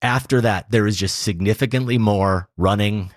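A man's voice: fairly low pitch, moderate pace, dry recording, clean studio sound. Thoughtful man discussing films. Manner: thoughtful, repeats words as he starts sentences. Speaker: podcast co-host. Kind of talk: casual film discussion.

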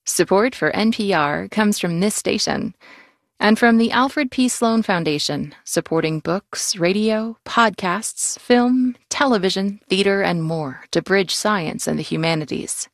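A woman announcer reading sponsor credits in an even, polished way. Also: medium pitch, a little slow, dry recording, studio quality. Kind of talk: sponsor read.

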